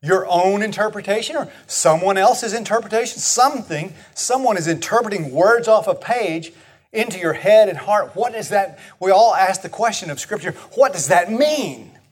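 A man's voice: high-pitched, animated, moderate pace. A man preaching a sermon, talking conversationally and asking the congregation questions. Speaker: pastor.

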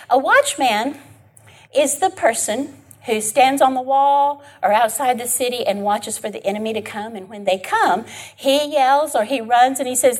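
A woman's voice: on the high side, lively intonation, unhurried. A woman leading an informal Bible class. She talks in a chatty, emphatic way and keeps checking in with her listeners. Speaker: Bible study teacher.

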